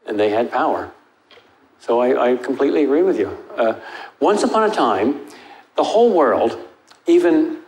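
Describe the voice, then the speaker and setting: An older man answering audience questions after a lecture, emphatic and wry, his pitch jumping up for stress. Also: a little mellow. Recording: echoey hall with faint noise.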